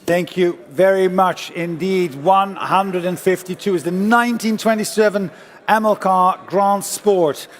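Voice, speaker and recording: A man working as auctioneer, calling bids briskly and switching between languages as he goes. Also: high voice, steady tone. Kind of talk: live auction bid calling. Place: large exhibition hall auction room. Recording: long hall reverb.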